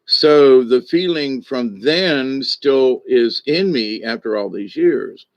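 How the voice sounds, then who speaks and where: Man in his sixties, spiritual teacher, unhurried, restarts often, dry close sound. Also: mid-range voice, animated, no echo, highs cut off. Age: 60s. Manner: slow, thoughtful, with frequent restarts and asides. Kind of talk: reflective spoken monologue.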